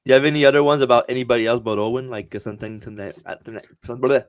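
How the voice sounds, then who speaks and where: Quick podcast host. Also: male voice, mid-range voice, fairly even intonation, no room sound. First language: French. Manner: fumbling, restarting his questions. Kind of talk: casual interview questions.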